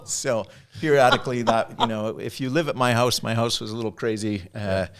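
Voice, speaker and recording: A man in his fifties, a podcast guest telling stories in a relaxed, jokey way, a self-described mimic. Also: medium pitch, fairly quick, heavy background noise. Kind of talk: conversational storytelling.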